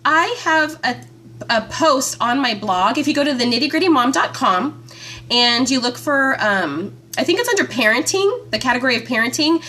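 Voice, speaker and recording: A woman hosting a live stream from her phone, chatting with viewers by name in a chatty, excitable way. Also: a little high. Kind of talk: casual live-stream chat.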